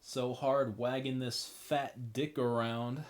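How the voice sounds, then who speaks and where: A man's voice: mid-range voice, little pitch movement, takes it slowly. A man streaming a video game, making crude jokes and talking to himself and the characters. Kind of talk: casual gameplay commentary. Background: faint game music.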